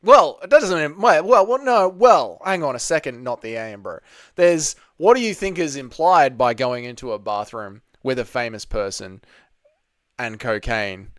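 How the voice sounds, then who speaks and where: A man's voice: mid-range voice, expressive, moderate pace, fairly bright tone, dry recording, clean studio sound. A young man hosting a casual livestream from home, talking bluntly and crudely and reading viewer comments aloud. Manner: blunt, crude banter, reads chat aloud. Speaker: livestream host.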